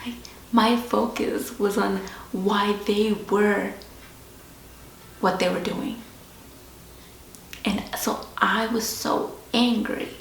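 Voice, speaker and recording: A woman host sharing a personal story in a slow, reflective, confessional way. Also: mid-range voice, steady tone, vocal fry. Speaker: podcast host. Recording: roomy echo with faint background hiss.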